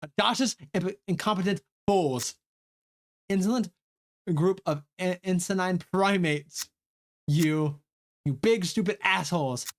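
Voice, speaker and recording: A man's voice: high-pitched, takes it slowly, pitched above the performer's own voice. A man voicing a haughty, furious girl who speaks in a grand, commanding, insulting way. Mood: commanding rage.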